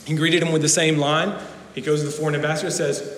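A man's voice: on the high side, level tone, fast, a bit bright, slight background noise. A man giving a sermon as a pastor, earnest and given to repeating words as he speaks. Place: church sanctuary. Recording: echoey church hall with long reverb.

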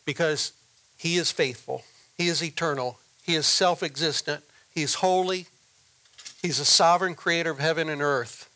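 A man preaching a sermon as a pastor, slow and deliberate, repeating key phrases for emphasis. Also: fairly high pitch, bright, forceful tone.

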